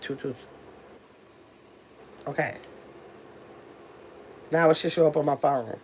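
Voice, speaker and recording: A woman's voice: deep voice, takes it slowly, a little hiss or hum. A woman hosting a casual livestream, reading viewer comments aloud and talking to her audience as "y'all" while sorting out a phone number, a little under the weather. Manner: chatty, distracted, talks to the chat as "y'all". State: recovering from illness. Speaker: livestream host.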